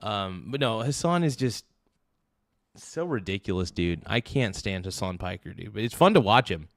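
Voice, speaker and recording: A man's voice: on the low side, lively intonation, normal speed, a bit bright, dry recording, studio quality. A young man hosting a livestream, giving rambling, brash political commentary and calling people "dude". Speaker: livestream host.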